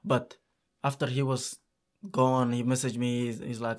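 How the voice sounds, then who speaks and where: A man tells stories from running a youth soccer camp in a relaxed interview. His voice sits at an ordinary middle pitch. He is animated and halting, restarting sentences often. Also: gravelly. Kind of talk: casual storytelling in an interview.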